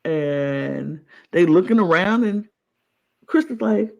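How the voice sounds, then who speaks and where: An animated co-host on a casual reality-show podcast, talking with a lilt. The delivery is lively and theatrical, jumping into mock voices of the contestants mid-story. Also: mid-range voice, slow, creaky, muffled recording. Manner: animated, acts out contestants' lines in exaggerated voices.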